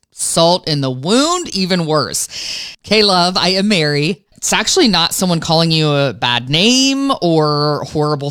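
A woman radio host telling a personal story in an animated, self-mocking way. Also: on the low side, clean tone.

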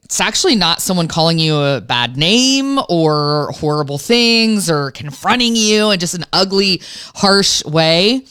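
A woman radio host telling a personal story in an animated, self-mocking way. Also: on the low side, measured pace, clear, resonant tone.

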